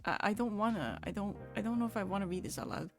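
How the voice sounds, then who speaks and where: A woman's voice: medium pitch, animated, quick pace, faint music behind. A young woman from the Netherlands with a Dutch accent, chatting casually on a live stream and laughing often.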